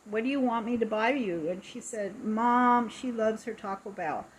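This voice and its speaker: A woman's voice: a little high, moderate pace, slight background noise, poor audio. A middle-aged woman on a casual live stream, retelling an upsetting story in an indignant, emphatic way, with lots of repetition.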